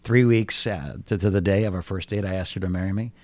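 Pastor guy in his 50s, really deep voice, dry close sound, jokey storyteller. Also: fast talker, no room sound. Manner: animated storyteller, jokes. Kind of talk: casual podcast interview.

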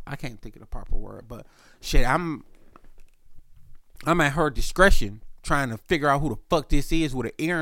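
A young man hosting a podcast, telling a casual story with lots of slang, filler words and throat clearing, and his voice jumps up when he quotes himself. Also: medium pitch, bright, forceful tone, no room sound, studio quality. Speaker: podcast host.

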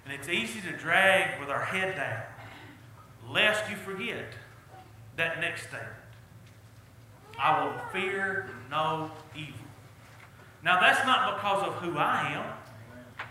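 Middle-aged pastor, earnest and folksy, very bright ringing tone, heavy hall echo. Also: male voice, high-pitched, expressive, unhurried, long pauses, slight background noise. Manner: folksy, earnest preaching with rising emphasis. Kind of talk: sermon. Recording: echoey church hall.

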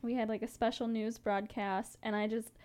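Young woman, co-host, chatty storytelling, high voice. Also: flat delivery, moderate pace, a little mellow. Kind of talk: casual chat.

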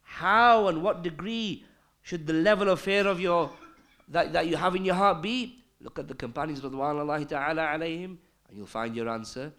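Guy giving an islamic talk, fairly high voice, swings loud and soft. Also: moderate pace. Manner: emphatic, rising and falling delivery, quotes Arabic texts. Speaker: Islamic lecturer. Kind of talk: religious lecture.

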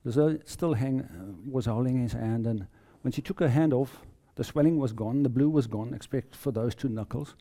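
Very dark-voiced South African man preaching. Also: medium pitch. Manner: halting, earnest storytelling with many repeated words. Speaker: lay preacher giving testimony. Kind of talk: personal testimony in a sermon.

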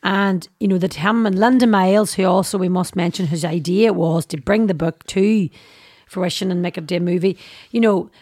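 A woman with a Derry accent, a guest telling lively stories in a casual interview, acting out quoted voices and saying "aye" a lot. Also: lowish voice, moderate pace, no room sound, studio quality. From Derry, Northern Ireland. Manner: animated storyteller, acts out quoted voices, says "aye" often. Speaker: guest actor and singer.

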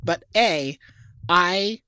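A woman's voice: fairly low pitch, extremely slow, bright, forceful tone, clean tone, dry recording. A woman co-hosting a podcast in casual chat, with a dry, sardonic manner. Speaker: podcast co-host.

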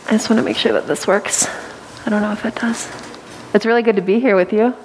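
A young woman giving a church talk and reading a psalm slowly, soft-spoken with many ums. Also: medium pitch, fairly even intonation, long reverb tail, slight background noise. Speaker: guest preacher. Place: church meeting room.

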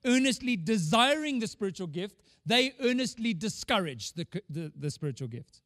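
Emphatic high-voiced pastor preaching. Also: male voice, sing-song, moderate pace, fairly bright tone, no room sound, clean studio sound, in a large hall. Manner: emphatic, rhetorical questions, repeats words. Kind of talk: sermon.

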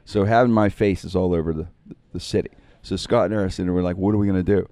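A man spins animated anecdotes from his broadcasting days, slipping into other people's voices as he goes. His voice sits low and mellow. The sound is dry and close. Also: fast, dry recording. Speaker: radio broadcaster telling stories. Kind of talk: casual storytelling on a podcast.

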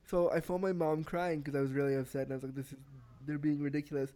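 A man as a podcast guest, telling a story in casual conversation, animated and often repeating and restarting words. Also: on the high side, fast talker. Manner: animated, acts out quoted exchanges.

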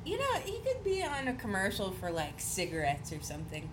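Playful Midwestern woman, lively voice. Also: medium pitch, brisk, slight background noise. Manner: playful, teasing, laughs often. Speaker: podcast co-host. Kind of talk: casual podcast banter.

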